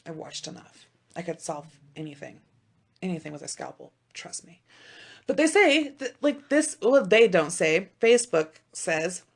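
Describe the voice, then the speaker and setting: A woman in her thirties co-hosting a podcast, telling stories in a casual chat with animated swings from loud outbursts to hushed asides and plenty of swearing. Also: on the low side, moderate pace. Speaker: podcast co-host.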